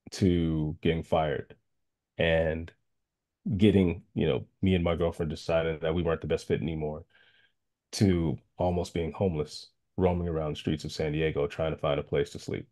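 Around forty and from the Chicago area in the United States, this man shares a personal story as a guest speaker on a video call. His voice is low, rumbling, and mellow, and he talks earnestly but haltingly, full of fillers and restarts.

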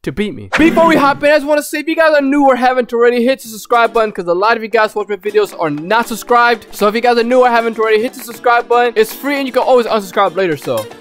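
A young man casually commentating his own gameplay, excitable and full of rapid repeated callouts. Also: very high voice, faint music behind. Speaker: gaming YouTuber.

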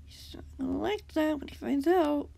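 A woman's voice: high voice, normal speed, creaky, voice pushed up. A woman reading the lines of a nervous, sheepish young man in a fan story, in a near-everyday voice. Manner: sheepish and quiet.

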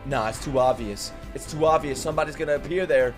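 A young man reacting to an anime as he watches it, excitable and yelling and swearing at the big moments. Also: mid-range voice, fast talker, soft background music. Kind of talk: live reaction commentary. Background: faint anime soundtrack playing.

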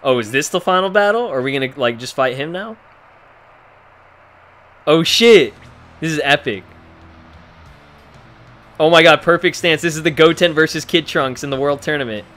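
A young man giving excited, profanity-laced commentary on his playthrough. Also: a little high, normal speed, pauses often. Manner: hyped, swears a lot, frequent exclamations. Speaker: let's play gamer. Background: faint game music.

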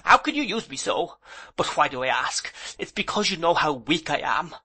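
Proud older aunt, hurt and reproachful, put on by a male reader, high and bright. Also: expressive, normal speed. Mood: indignant. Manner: emotional, reproachful, then composed and rueful. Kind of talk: audiobook character voice.

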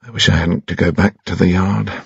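A man's voice: deep voice, steady tone, fairly quick, gravelly, breathy edge, dry recording, exaggerated voice. A man reading an audiobook, voicing a dry, laconic detective teasing his mother. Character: dry, teasing detective son, middle-aged. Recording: dry, slightly dull lo-fi.

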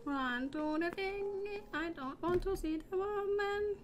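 A woman's voice: extremely high pitch, a little slow. A woman playing a horror game and commenting, nervous and jumpy, laughing and squealing repeated panicked no's over the game music. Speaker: let's play gamer.

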